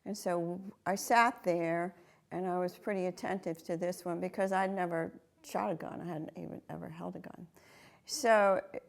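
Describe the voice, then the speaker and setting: A woman's voice: on the low side, steady tone, normal speed, gravelly. A woman, a Navy veteran, telling a story in an interview and acting out her own reactions.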